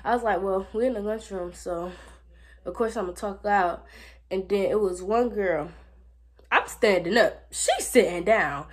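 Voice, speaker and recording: Teen girl vlogger, sassy and animated, talking to camera. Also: medium pitch, unhurried. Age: teens. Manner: animated, sassy, talks straight to viewers. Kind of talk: casual storytime vlog.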